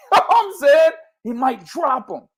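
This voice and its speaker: A young man hosting a boxing chat with a high voice that leaps all over the place. His talk is loud, slangy and full of swearing, swinging from low mutters to full shouts. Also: big pitch swings, normal speed. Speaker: host of a boxing talk show. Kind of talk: casual boxing chat with heavy profanity.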